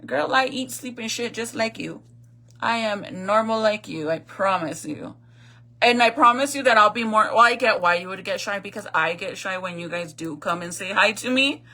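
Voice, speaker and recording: A woman's voice: medium pitch, pushed and bright. A woman talking straight to her viewers in casual storytime commentary, blunt and chatty, swearing freely as she retells a family dispute. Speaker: vlogger retelling a viral video.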